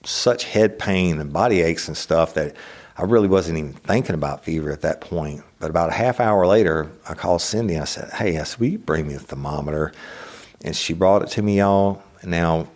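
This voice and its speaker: A middle-aged man hosting a podcast, telling a personal story in a blunt, profane, animated way. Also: deep voice, moderate pace. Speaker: podcast host. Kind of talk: casual storytelling monologue.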